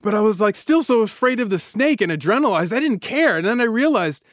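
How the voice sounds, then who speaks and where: Man, podcast co-host, animated rambling storyteller, slightly high voice, dry sound. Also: brisk, dry recording. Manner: animated, rambling anecdotes with restarts. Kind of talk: casual storytelling chat.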